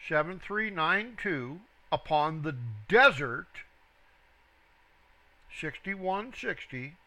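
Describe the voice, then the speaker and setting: Slow, bright-voiced man reading scripture. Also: high-pitched, lively intonation. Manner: slow, reads each word then its reference number, stresses quoted words. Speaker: Bible teacher. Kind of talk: verse-by-verse scripture reading with Strong's numbers.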